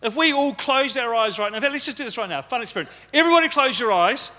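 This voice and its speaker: Fast and bright, with a very high, forceful voice and lively intonation, a pastor who may be a man delivers a conversational sermon while teasing the congregation. The live sermon echoes with long reverb in a church hall.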